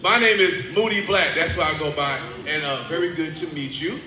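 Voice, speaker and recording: A man speaking as a motivational speaker and teaching artist at a school assembly, playful and animated, getting the children to call back to him. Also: a little high, normal speed, a crowd in the background. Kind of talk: energetic school assembly talk with call-and-response. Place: large indoor school hall. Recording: echoey hall with faint background noise.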